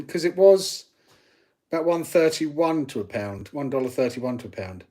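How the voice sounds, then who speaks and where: A man's voice: fairly high pitch, normal speed. A man hosting a live stream, casually chatting and reading out viewer comments while he works on his gear. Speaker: channel host.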